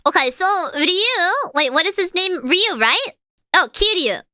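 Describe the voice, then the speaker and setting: Young woman streamer, high and bright, dry mic, casual explainer of singing. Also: big pitch swings, measured pace, dry recording. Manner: chatty, explains singing and demonstrates lines. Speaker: streamer and voice actor. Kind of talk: casual reaction stream chat.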